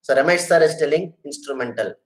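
Talking fast in a fairly high voice, an Indian middle-aged man delivers an earnest online lecture that takes audience questions. He repeats phrases and addresses people as sir and madam, and the recording is rough.

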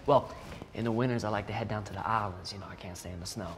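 An actor playing a boastful, friendly young rapper who talks in laid-back slang. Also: male voice, fairly low pitch, steady tone, fast talker, background noise, close to an everyday voice. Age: young adult. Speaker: rapper, landlord.

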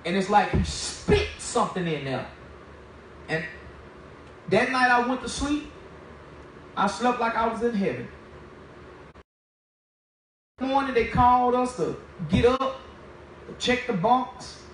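A man giving a spoken testimony as a minister, telling his story in a lively way and acting out the dialogue. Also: extremely high pitch, measured pace, pauses often, slight background noise. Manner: animated storytelling, acts out dialogue. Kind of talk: testimony sermon. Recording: very echoey, distant from the mic.

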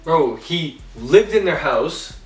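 A man's voice: a little high, expressive, slow. A young man co-hosting a trailer reaction, chatting casually with blunt, laid-back one-line verdicts. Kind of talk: casual chat. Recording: echoey room, distant mic, faint music.

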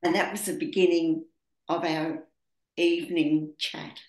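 A woman in a casual group conversation, telling animated stories and acting out quotes. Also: deep voice, unhurried. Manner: animated storytelling with acted-out quotes. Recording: echoey room.

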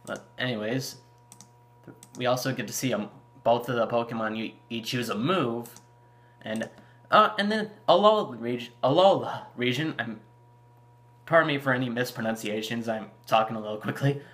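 This YouTube gaming channel host has a medium-pitched, fairly bright voice, a steady tone and normal speed, and he pauses often. In casual video commentary, he chats about a game trailer, rambling with fillers and restarts.

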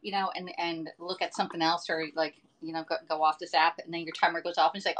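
A woman's voice: on the low side, animated, a little fast, hardly any pauses, fairly bright tone. A middle-aged woman in casual live-stream chat, rambling and chatty as she talks to viewers from her home kitchen.

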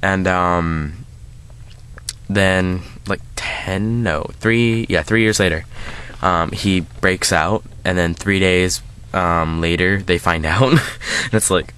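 A man's voice: deep voice, slow pace, fairly bright tone, clean tone. A man hosting a casual movie review, rambling with lots of filler words and restarts.

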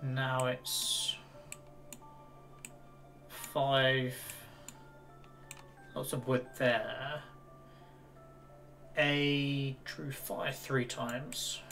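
A man's voice: mid-range voice, flat delivery, very slow, gravelly, pauses often, fairly bright tone, soft background music. A man streaming a video game, chatting casually in a self-mocking way and reading the dialogue aloud. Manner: chatty, self-mocking, laughs at his own jokes.

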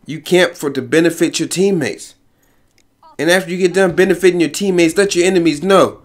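Male gaming host, slightly high voice, brash slang-heavy play-by-play, quick to laugh. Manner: boastful, hype, slang-heavy, laughs often. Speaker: gaming YouTuber. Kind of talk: energetic gameplay commentary. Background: faint background music.

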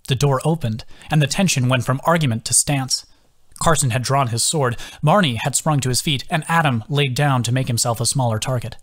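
A man's voice: medium pitch, normal speed. A man reading his own fantasy novel aloud as audiobook narration. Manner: lively, expressive reading.

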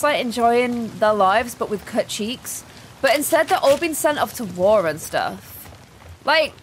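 A woman's voice: fairly high pitch, slight background noise. A woman streaming a game live, chatting casually, reading in-game notes aloud and greeting viewers in chat. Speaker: gaming streamer.

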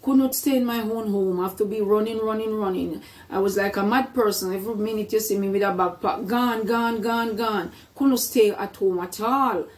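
A woman's voice: mid-range voice, moderate pace, few pauses, a little mellow. A middle-aged woman shares her story in a casual vlog. She speaks earnestly, often repeats words, and brings in her faith. Her voice sounds a little distant from the microphone. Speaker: vlogger.

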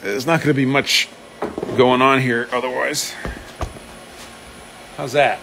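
A man's voice: mid-range voice, steady tone, slow pace, vocal fry, sharp tone, a little hiss or hum, poor audio. A man talking casually through a machining demonstration on a live stream, reading out viewer comments as he works. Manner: casual, chatty, reads out viewer comments, self-deprecating. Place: machine shop. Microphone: phone live stream.

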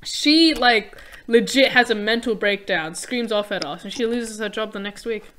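A woman's voice: a little high, normal speed, a bit bright, slight background noise. A young woman telling a crude school story to friends, swearing freely.

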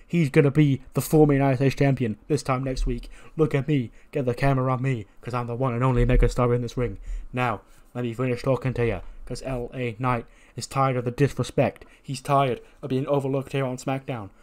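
A man voicing a cocky male wrestler who calls himself a megastar, trash-talking loudly. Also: mid-range voice, flat delivery, a little fast, few pauses, natural voice. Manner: cocky, loud trash talk.

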